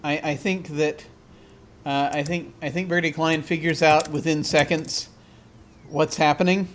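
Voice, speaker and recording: A man acting as game master, narrating a tabletop role-playing game in a halting, rambling way with many fillers. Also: on the high side, steady tone, a little hiss or hum.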